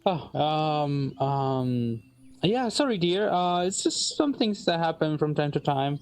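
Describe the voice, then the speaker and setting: A man with a fairly high voice at a tabletop game, rambling and apologetic while describing his character. He fills gaps with ums. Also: lively intonation, slow pace, smooth. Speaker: player. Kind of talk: tabletop role-play.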